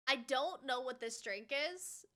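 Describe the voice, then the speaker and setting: A woman's voice: high-pitched, lively intonation, a little slow, bright, forceful tone. A woman hosting a reaction video, giving chatty, nosy, blunt asides. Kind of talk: casual reaction commentary.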